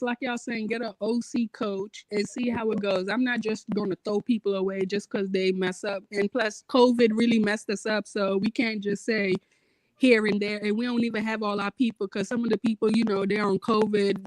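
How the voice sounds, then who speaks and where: A woman's voice: medium pitch, steady tone, normal speed, no room sound, poor audio. Exasperated woman venting about football. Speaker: guest fan. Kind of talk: casual sports chat.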